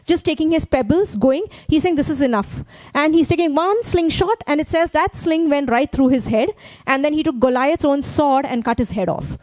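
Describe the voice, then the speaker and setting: A woman's voice: high-pitched, darkish tone, dry recording, low-quality recording. A woman pastor from India, preaching a sermon in a conversational way and often checking in with her listeners.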